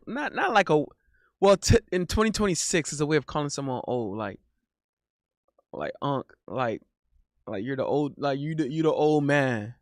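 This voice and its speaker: A man chats casually on a live stream, reading messages and joking as he goes. His voice sits a bit high and comes through smooth and crisp. The sound is dry and close to the mic. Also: no room sound. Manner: loose and joking, laughs often, repeats himself.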